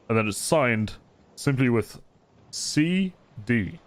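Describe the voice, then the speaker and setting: Dude running a tabletop game, laid-back descriptive narration, middling pitch. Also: male voice, expressive, slow. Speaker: game master.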